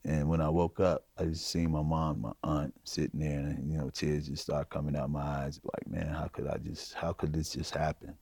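A middle-aged man from Chicago giving a personal testimony in a halting, informal way, full of fillers. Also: extremely low pitch, level tone, creaky, a little mellow, husky, no room sound, studio quality. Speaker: interviewee.

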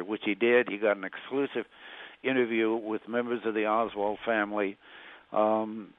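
A man's voice: lowish voice, steady tone, no room sound. Older man on a tinny phone line. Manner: halting, with many restarts and fillers. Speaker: interview guest, former magazine journalist. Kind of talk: recalling past events in an interview.

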